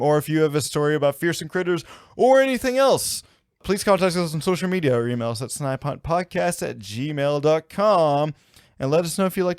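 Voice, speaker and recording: A man's voice: a little high, dry recording, clean studio sound. A man co-hosting a folklore podcast, chatting casually and jokingly and reading narration. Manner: joking, chatty, quick to laugh. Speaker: podcast co-host. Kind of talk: casual chat and scripted narration. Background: faint guitar music.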